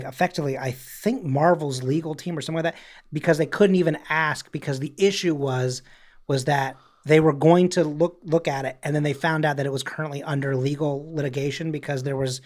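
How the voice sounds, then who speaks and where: Brief: male podcast co-host, a touch high-pitched, loose rambling chat. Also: darkish tone. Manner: rambling storyteller, slips into mock voices and quotes. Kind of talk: casual chat.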